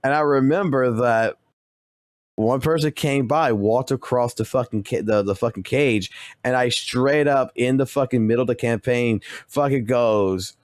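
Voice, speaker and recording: A man's voice: medium pitch, moderate pace, no echo. A male streamer casually rambling through a story with constant swearing and restarts.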